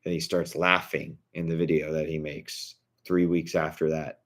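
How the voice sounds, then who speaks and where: A man's voice: rumbling low, little pitch movement, normal speed, a bit bright. A man talking casually to camera, blunt and indignant, swearing freely. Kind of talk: casual vlog rant.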